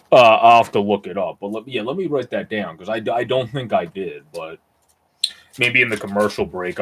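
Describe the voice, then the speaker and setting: A man doing amateur live play-by-play of a baseball game, casually rambling with fillers and answering chat. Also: fairly low pitch.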